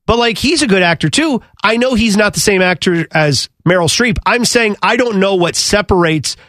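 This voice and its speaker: A man co-hosting a casual chat show, rambling and animated, often jumping higher when flustered. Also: moderate pace, no echo, studio quality. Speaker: podcast co-host.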